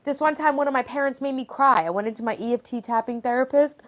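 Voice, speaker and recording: A woman's voice: high voice, fast talker. A woman hosting a live stream, chatting casually in an earnest, rambling way and encouraging her viewers. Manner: rambling, earnest, filler-heavy. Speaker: host of a live stream tapping series.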